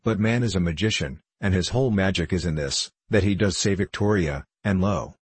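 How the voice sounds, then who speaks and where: A man's voice: deep voice, brisk, slightly rough. A man voicing a passionate young male poet in an audiobook reading, speaking in a declamatory way. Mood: declaiming. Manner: impassioned, declamatory.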